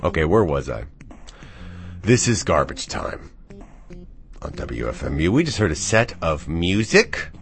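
A man hosting a live radio show in a studio, rambling and thinking out loud into the microphone. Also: sits low, very animated, measured pace, long pauses, soft background music. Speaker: radio DJ and host. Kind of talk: casual live radio chat.

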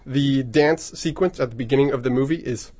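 A man's voice: medium pitch, a little fast, no room sound. Chatty rambling male radio DJ. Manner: chatty and rambling, many ums, excitable. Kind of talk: casual on-air chat between songs. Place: radio studio. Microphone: studio microphone.

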